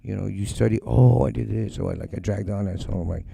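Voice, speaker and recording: A man's voice: fairly low pitch, a little fast, vocal fry, slight background noise. A middle-aged man hosting a music livestream from his home studio, ranting bluntly and profanely. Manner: blunt, profane, animated, mocks others in quoted voices. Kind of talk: casual live-stream rant.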